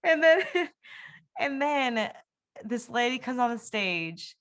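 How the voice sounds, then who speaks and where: A woman's voice: fairly high pitch, very animated, slow pace, a bit bright. A young woman, an interview guest, telling a personal testimony in a candid, rambling way, full of fillers and restarts. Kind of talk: personal testimony in casual conversation.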